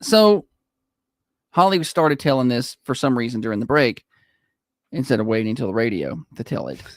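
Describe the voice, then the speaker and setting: A man co-hosting morning radio, joking and teasing in a relaxed, chatty way. His mid-range voice rises and falls a lot. He sounds close and dry on a studio mic. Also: medium pitch, moderate pace, no echo. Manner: teasing, playful, often laughing. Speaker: radio morning show co-host. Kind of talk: casual on-air banter.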